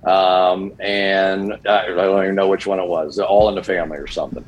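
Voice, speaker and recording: A man's voice: sits low, brisk, lo-fi sound, slight background noise. An older man, a football broadcaster, telling stories casually on a sports talk show and acting out the voices of the people in them. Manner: animated storyteller who acts out quoted dialogue.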